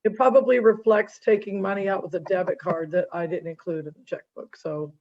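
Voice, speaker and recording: Gravelly high-voiced man, dull sound. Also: fairly even intonation, a little fast. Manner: hesitant, apologetic. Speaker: commissioner reporting finances. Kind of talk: meeting report.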